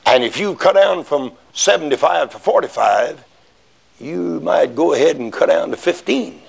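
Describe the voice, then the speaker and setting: Gravelly preacher man, shouting in bursts. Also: a little high, expressive, moderate pace. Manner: folksy, rises to shouting emphasis, acts out little dialogues. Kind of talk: sermon.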